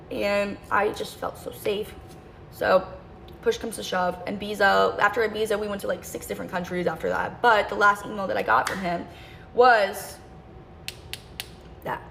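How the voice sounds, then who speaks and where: A woman's voice: medium pitch, normal speed, creaky, a bit bright, slight background noise. A young woman telling a rambling storytime in a casual vlog, often correcting herself and acting out what people said. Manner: rambling, self-correcting, acts out quoted lines.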